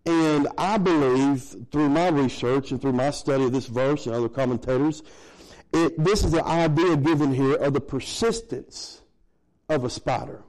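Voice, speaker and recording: A man's voice: medium pitch, normal speed, darkish tone, low-quality recording. A middle-aged man preaching a sermon in a folksy, conversational way, chuckling between points. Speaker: pastor.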